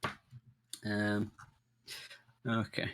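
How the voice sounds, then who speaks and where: A man narrating as game master, halting and searching for words as he describes scenes. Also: on the low side, monotone, a bit bright, a little hiss or hum.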